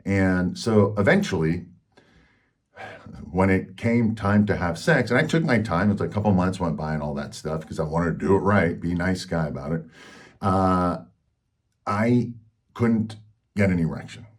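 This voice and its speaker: A man's voice: sits low, lively intonation, normal speed, pauses often. A man hosting a health channel, telling a personal story in a frank, rambling way with lots of fillers.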